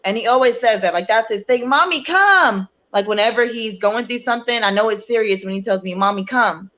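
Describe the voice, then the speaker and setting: A woman's voice: on the high side, fairly even intonation, fast. A woman speaking as a guest in a conversation, telling a personal story in an earnest, emotional way. She uses many casual fillers and acts out what people said. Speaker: interview guest, bereaved mother.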